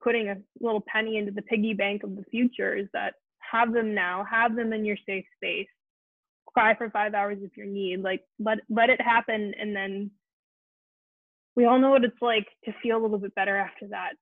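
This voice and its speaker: Gentle woman on a tinny call line. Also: mid-range voice, steady tone, normal speed, no room sound. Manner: gentle, earnest, many restarts. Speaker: host of a support Q&A. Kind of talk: casual heartfelt talk to an online group. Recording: tinny phone-like line, very dry.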